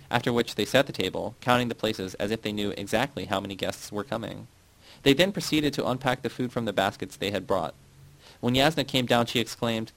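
A man narrating a novel in the first person as an audiobook reader, in a steady, even reading. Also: lowish voice, rough recording.

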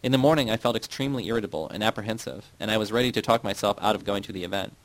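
A man narrating a novel in the first person, reading in a steady, measured way. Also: fairly low pitch, no echo, poor audio. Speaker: audiobook narrator.

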